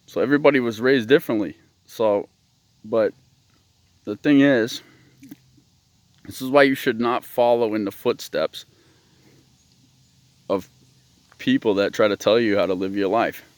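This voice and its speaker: A man's voice: fairly low pitch, unhurried, long pauses, no room sound. A man hosting his own show, ranting in a blunt, profane, rambling monologue. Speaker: host.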